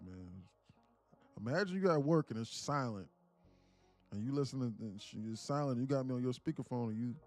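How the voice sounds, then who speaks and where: A man's voice: medium pitch, a little mellow. A man, a live-stream day trader, chatting casually and profanely, joking and reading viewers' comments aloud. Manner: joking, profane, slangy, reads chat aloud.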